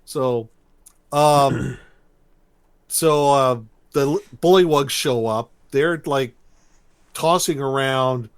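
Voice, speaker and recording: A man talking through a cartoon episode on a podcast, rambling and animated as he retells each scene. His voice sits at a middle pitch. The recording is close and dry, with no room sound. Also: very slow, long pauses, clean tone, dry recording. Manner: rambling, animated storytelling with laughs. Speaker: podcast co-host. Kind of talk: casual chat recapping a cartoon episode.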